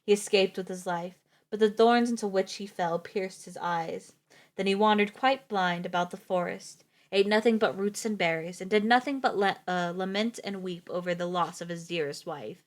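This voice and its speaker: A woman's voice: mid-range voice, normal speed. A woman streamer reading fairy tales aloud, breaking off for joking, swearing asides and stumbling over words. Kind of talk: storybook reading with casual commentary.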